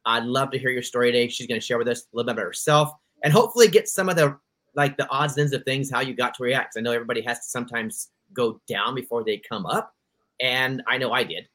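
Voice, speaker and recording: An enthusiastic man co-hosting a podcast, talking in a loose, chatty way and drifting off on tangents. His voice is bright and forward, and his pitch sits at an ordinary male level. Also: fast talker. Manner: enthusiastic, easily sidetracked. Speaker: podcast co-host. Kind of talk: casual podcast chat.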